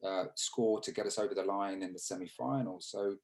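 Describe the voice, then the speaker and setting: Man, low voice, gravelly, English, reminiscing interview guest, hesitant restarts, video call. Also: darkish tone, rough recording. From England. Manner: reminiscing, halting with restarts and fillers. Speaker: interview guest, former cricketer. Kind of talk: casual interview storytelling.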